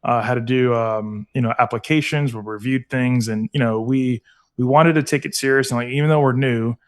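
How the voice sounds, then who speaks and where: A man's voice: mid-range voice, steady tone, brisk. A middle-aged man talking earnestly in a casual podcast interview, with lots of fillers. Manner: conversational, many fillers, earnest. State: getting emotional, teary. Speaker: guest, foundation founder.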